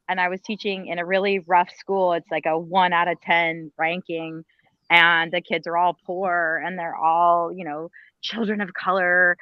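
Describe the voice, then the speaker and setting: A woman's voice: on the low side, no echo. Woman ex-teacher on a panel, blunt, begging parents, dull muffled call audio. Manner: emphatic, pleading, blunt with mild swearing. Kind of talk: impassioned panel talk.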